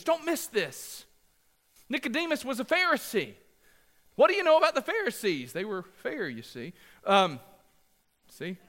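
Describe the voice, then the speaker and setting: A pastor delivers a passionate sermon in a high, bright, forceful voice. He leans on repetition for emphasis and jokes with the congregation between points. His voice rings out through a reverberant church sanctuary.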